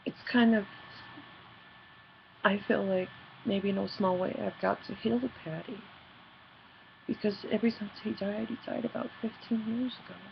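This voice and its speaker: Gravelly-voiced woman speaking into a lo-fi recorder. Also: medium pitch, steady tone, a little hiss or hum. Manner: halting and earnest, full of fillers and restarts. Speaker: paranormal investigator and team leader. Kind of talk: personal video diary.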